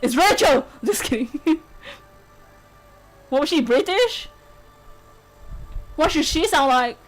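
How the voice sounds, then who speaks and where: Giggly, high-pitched young woman. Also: animated, slow, long pauses, faint music behind, low-quality recording. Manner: giggly, playful, often laughing. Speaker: streamer. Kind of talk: casual game stream commentary.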